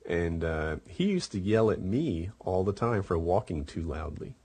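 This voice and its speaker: A man's voice: deep voice, expressive, unhurried, darkish tone, a little hiss or hum. A middle-aged man telling a long personal story in casual chat, rambling with many fillers. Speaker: podcast host.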